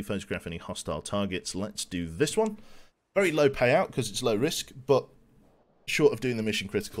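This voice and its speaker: A man's voice: on the low side, lively intonation, fast talker. A man in his twenties from England with a faint Birmingham accent, giving chatty, self-mocking commentary as he plays a game on a live stream. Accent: light Birmingham. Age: 20s.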